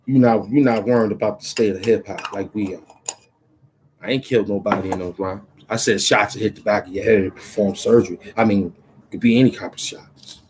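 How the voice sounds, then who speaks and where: A man's voice: fairly low pitch, fairly even intonation, brisk, a little mellow, a little hiss or hum, rough recording. A man, a rapper, talking in a loose, rambling monologue full of street slang and "you know what I'm saying", in a small cramped room.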